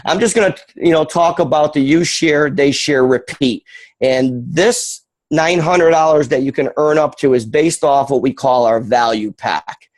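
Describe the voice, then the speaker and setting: A man from Western New York giving an energetic, rambling sales presentation on a video call, full of fillers and asides. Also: medium pitch, no echo, poor audio. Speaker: guest presenter.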